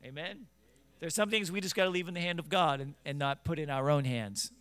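A man preaching a sermon who reads scripture in old-fashioned wording, scolds his listeners directly and builds from quiet teaching to loud, fervent exhortation. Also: a little high, a little fast, smooth, no room sound.

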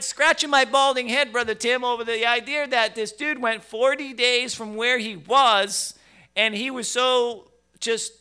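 Male preacher with a bright, forceful tone, animated delivery that swings from hushed to loud. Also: very high voice, clean tone. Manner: emphatic, with rhetorical questions and repeated words. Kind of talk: sermon.

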